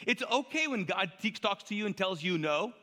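High, bright-voiced male pastor preaching. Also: animated, normal speed. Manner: conversational preaching with rhetorical questions and audience call-and-response. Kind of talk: sermon. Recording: long hall reverb.

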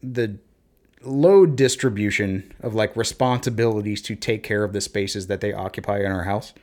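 A man in casual conversation, telling parenting stories and acting out talks with his kids in lively bursts. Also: fairly low pitch, normal speed. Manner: animated storyteller, acts out talks with his kids. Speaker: podcast co-host, parent. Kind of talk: casual chat.

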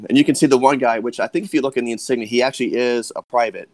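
A man's voice: mid-range voice, racing, darkish tone, no room sound. A man guesting on a podcast, chatting casually and explaining points with military and old-telephone detail. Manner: speculative, explains with military and phone-era detail.

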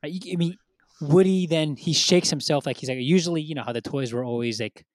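A man's voice: a little high, a little fast, no room sound. Man, casual podcast chat, rambling with lots of fillers, dry close-up sound. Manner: rambling, many fillers, acts out quotes. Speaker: podcast co-host.

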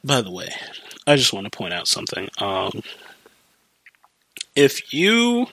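A man's voice: medium pitch, huge pitch swings, a little slow, vocal fry, sharp tone, dry recording. A young man hosting a podcast, telling a story casually with lots of fillers, restarts and swearing. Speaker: podcast host.

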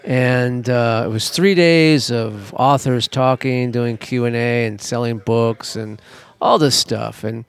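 A man co-hosting a podcast, telling stories in a casual, animated way and swearing freely. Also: mid-range voice, clean tone. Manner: profane, animated, laughing while telling stories. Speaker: podcast co-host. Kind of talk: casual storytelling chat.

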